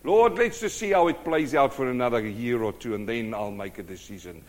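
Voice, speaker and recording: A man's voice: mid-range voice, a little fast, voice pushed down, lightly acted. A preacher voicing a complacent young man who boasts that he is bulletproof. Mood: smug. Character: cocky young man putting off God.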